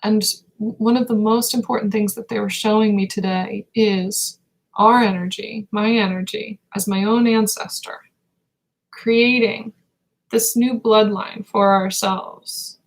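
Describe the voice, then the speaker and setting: In a low-quality recording, an intuitive reader speaks through a live spiritual reading in a fry-laden, gravelly tone. She moves slowly, meditatively and at an even pitch, often stalling and using fillers between pauses as she finds her words.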